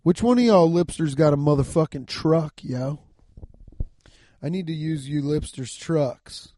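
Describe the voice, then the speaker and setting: Loud, profane young man podcasting. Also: on the high side, unhurried, no echo. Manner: loud, rambling, profane, laughing at his own jokes. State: yawning, lying down. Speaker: podcast host. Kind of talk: casual solo podcast rambling.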